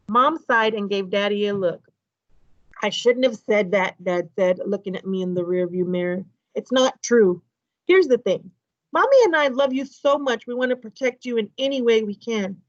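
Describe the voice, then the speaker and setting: Higher-voiced teacher reading aloud to her class. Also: moderate pace, no echo, dull audio. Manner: lively, voices the dialogue of each character. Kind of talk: children's book read-aloud.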